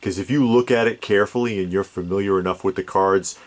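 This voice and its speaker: Deep-voiced man, measured and deliberate. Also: fairly even intonation. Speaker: co-host, toy collector. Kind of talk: casual chat.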